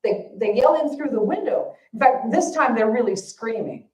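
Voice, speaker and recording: A woman's voice: on the high side, animated, moderate pace, a little mellow. A woman dharma teacher telling a story at a family service, casual and self-deprecating, with fillers. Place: temple hall. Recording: echoey temple hall.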